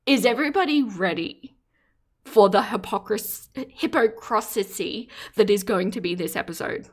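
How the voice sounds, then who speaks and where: A woman's voice: mid-range voice, lively intonation, unhurried. A woman hosting a live reaction stream, chatting casually, giggling often and reading out her chat as she comments on a video. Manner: giggly, laughs often, reads chat aloud; playful teasing commentary.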